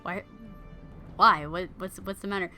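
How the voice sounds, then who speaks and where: A woman's voice: fairly low pitch, fairly even intonation, unhurried, sharp tone, soft background music. A woman voicing a friendly, modest male knight who speaks in laid-back modern slang and gets flustered. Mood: excited.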